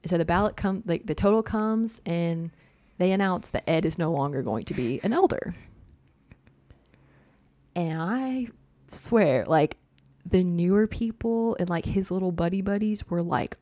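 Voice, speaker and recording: A woman's voice: fairly low pitch, lively intonation, unhurried, warm tone, no echo. A young woman telling a personal story in casual chat, full of "like" and little laughs. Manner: chatty, heavy use of "like", laughs often.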